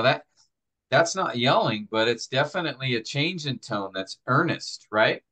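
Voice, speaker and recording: Here a preaching instructor, a middle-aged man, speaks with a medium-pitched, sharp-toned voice. His teaching is thoughtful and conversational, and he acts out examples to demonstrate delivery.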